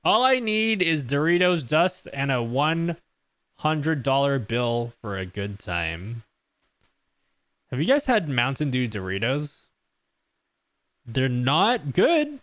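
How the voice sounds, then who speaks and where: A man's voice: medium pitch, sing-song, takes it slowly, long pauses, fairly bright tone, no echo. A man live-streaming a casual question-and-answer session, joking, laughing and reading his chat aloud from a close desk mic. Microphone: close desk mic on an audio mixer.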